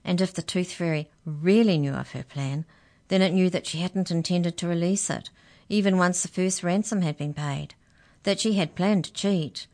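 A woman narrating a children's story aloud in an expressive, gently dramatic way. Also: lowish voice, moderate pace.

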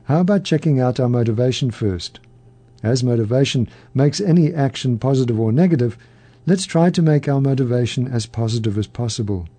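Mellow-voiced man hosting a radio program. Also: medium pitch, animated, dry recording. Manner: measured, gently humorous storytelling. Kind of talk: reading a Buddhist story aloud.

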